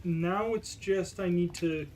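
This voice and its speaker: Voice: mid-range voice, slow, a little mellow, a little hiss or hum. A streamer casually thinking aloud while choosing gear during a game stream, muttering half to themselves. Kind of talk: casual gaming stream commentary.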